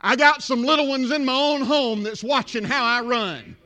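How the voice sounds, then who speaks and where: A male pastor preaching a sermon, building from quiet talk to shouted crescendos. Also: very high voice, normal speed.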